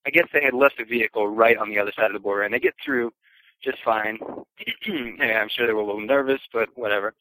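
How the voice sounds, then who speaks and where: Chatty man telling a story, crisp voice. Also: fairly low pitch, fast, slight background noise, low-quality recording. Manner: relaxed, chatty, acts out quoted voices, chuckles. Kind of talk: casual podcast storytelling.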